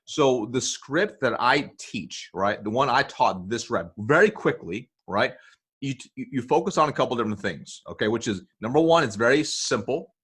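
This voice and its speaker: A man's voice: mid-range voice, animated, moderate pace, fairly bright tone, slightly rough. A man explaining a sales technique in an interview, checking in often with "okay?" and "right?". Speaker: sales coach guest.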